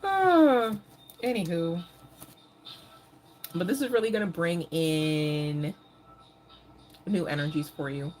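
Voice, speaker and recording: A woman giving a live tarot reading in a casual, animated way, swearing freely and laughing often. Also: fairly low pitch, takes it slowly, long pauses. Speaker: tarot reader.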